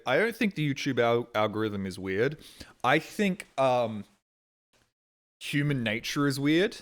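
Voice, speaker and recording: Australian streamer, male, young adult, loose rambling chat on a headset, swears a lot. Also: mid-range voice. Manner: rambling, swears casually, mimics voices in quotes.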